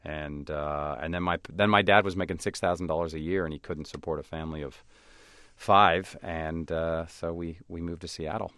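An American man being interviewed, telling stories in a lively way and acting out the voices of others. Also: deep voice, normal speed, clear, resonant tone, dry recording, clean studio sound. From United States. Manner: animated storyteller who acts out voices of others. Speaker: actor and comedian guest. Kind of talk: conversational interview.

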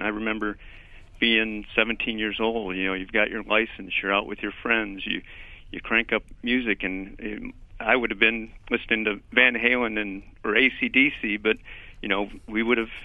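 Columnist on a tinny phone line. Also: male voice, fairly low pitch, no echo. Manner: relaxed and reflective, with stammered restarts. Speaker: newspaper columnist, guest. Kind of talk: conversational storytelling.

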